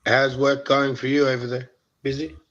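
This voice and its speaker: Flat-voiced male podcast host, lo-fi sound. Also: medium pitch, moderate pace, slight background noise. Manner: calm, supportive prompting. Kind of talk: casual podcast conversation. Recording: dull lo-fi sound.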